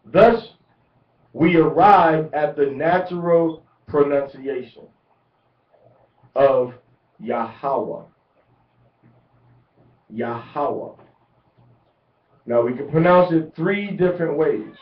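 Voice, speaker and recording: A man giving a deliberate religious lecture, repeating words to drive each point home. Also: fairly high pitch. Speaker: religious teacher. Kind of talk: instructional lecture. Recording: echoey, distant, muffled lo-fi.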